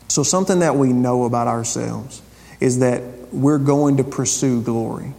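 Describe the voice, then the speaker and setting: A man's voice: mid-range voice, moderate pace, gravelly, warm tone, long reverb tail. A man preaching a conversational sermon, repeating phrases and asking rhetorical questions of the congregation. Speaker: pastor.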